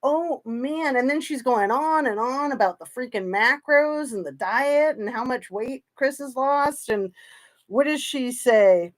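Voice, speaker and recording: A woman's voice: high voice, unhurried. A woman hosting a casual true crime livestream, chatting in a rambling way with sarcastic asides.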